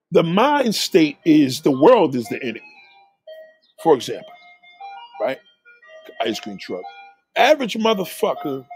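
Husky, animated streetwise man. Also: fairly high pitch, no room sound. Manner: streetwise, animated storytelling with acted-out voices. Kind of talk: casual monologue.

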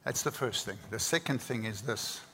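A man's voice: mid-range voice, moderate pace, pushed and bright. A man, preaching a sermon with earnest emphasis and repeated words. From South Africa. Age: 60s. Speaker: pastor. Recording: reverberant hall, faint noise.

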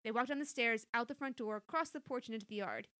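Bright, high-voiced woman reading a story. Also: quick pace. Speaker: reader of an interactive story. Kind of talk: storybook narration with chat.

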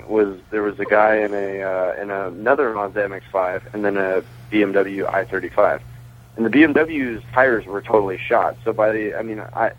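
A man who is a guest on a radio show, telling stories over the phone in a chatty way, laughing often and restarting his sentences. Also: on the low side. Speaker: baseball pitcher and racing team owner, guest. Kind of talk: casual phone interview. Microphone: phone call. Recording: tinny phone line.

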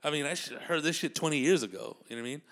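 A man's voice: on the high side, very fast, a bit bright. A man delivering a profane comedic rant, mocking people and laughing at his own jokes.

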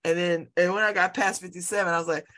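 Bright-voiced chatty woman in her fifties. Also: on the low side, steady tone, fast talker. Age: 50s. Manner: rambling, chatty, laughs often, repeats herself. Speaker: show host. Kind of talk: casual personal chat.

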